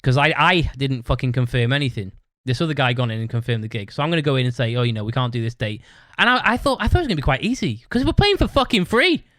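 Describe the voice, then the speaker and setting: A man's voice: medium pitch, sing-song, fast, few pauses, a bit bright, no echo, studio quality. A young British man hosting his own podcast, telling a rambling, sweary story in a casual way and laughing as he talks. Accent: British English. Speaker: podcast host.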